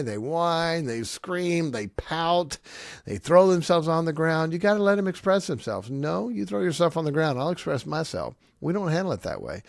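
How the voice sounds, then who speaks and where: A man's voice: on the high side, creaky, dry recording, clean studio sound. A middle-aged man who grew up on a farm, giving emphatic, repetitive family advice in a preaching style as a podcast host. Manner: emphatic, repetitive, lively with short punchy phrases.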